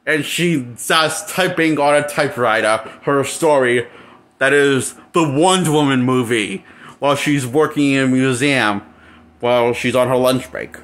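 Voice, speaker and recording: Male reviewer, mid-pitched, crude and mocking rant. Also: measured pace, fairly bright tone. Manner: crude, mocking, laughs at his own jokes. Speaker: movie reviewer. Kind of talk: casual ranting review.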